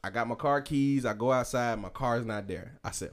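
A man spins a wild night-out story for his podcast co-hosts, laughing through it and acting out what everyone said. His talk is loose, profane and animated, the easy back-and-forth of friends around a table. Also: medium pitch, fairly quick, hardly any pauses. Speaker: podcast co-host. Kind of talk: casual storytelling among friends.

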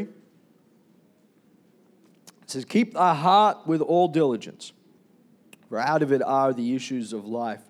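A man's voice: medium pitch, takes it slowly, pauses often. A man preaching a Sunday sermon as pastor, chatty and conversational, asking the congregation questions and calling for amens. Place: church.

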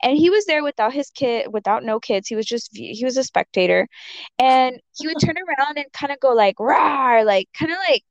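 A woman's voice: sits high, animated, fairly quick, no echo. A woman telling a story in casual chat, rambling with many fillers and acting out the quotes. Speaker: storyteller in a conversation. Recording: dull dry lo-fi audio.

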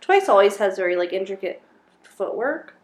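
A woman's voice: medium pitch, very animated, moderate pace. A woman co-hosting a casual chat, reading out nominees and teasing her friend with a laugh. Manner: playful, laughs often, teasing. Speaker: co-host. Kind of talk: casual chat about music awards.

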